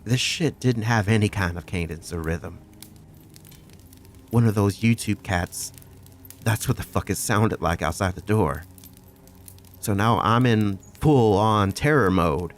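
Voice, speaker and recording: A man's voice: fairly low pitch, a little slow, pauses often, slight background noise. A man narrating a first-person horror story in a profane, conversational way.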